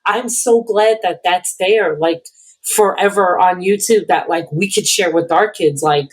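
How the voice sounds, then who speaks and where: A woman's voice: fairly low pitch, a little slow, slightly rough. A woman guest on a podcast chatting casually and enthusiastically, heavy with filler words. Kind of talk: casual chat.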